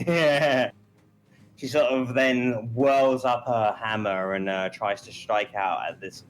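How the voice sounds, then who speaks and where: A man's voice: mid-range voice, steady tone, takes it slowly, faint music behind, low-quality recording. A man narrating a tabletop game as game master, in a meandering way with many fillers.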